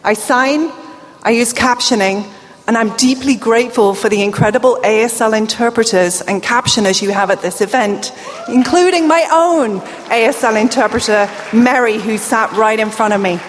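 A middle-aged woman with a British accent and a deaf accent speaks in a high, bright register, upbeat and playful as she works the crowd. Her voice rings out through a large hall and trails off in a long reverb. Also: moderate pace, a little hiss or hum. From England. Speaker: keynote speaker. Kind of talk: conference keynote.

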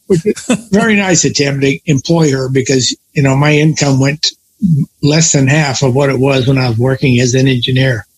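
A man's voice: medium pitch, moderate pace, a little hiss or hum, poor audio. An older man telling long stories from his working life in a casual conversation, often stopping to correct himself. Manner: rambling storyteller, self-correcting. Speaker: guest.

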